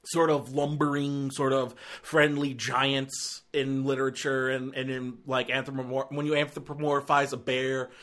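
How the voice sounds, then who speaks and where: A man's voice: a little high, fairly bright tone. A man giving a casual, rambling film review, often exasperated and filling his talk with "like".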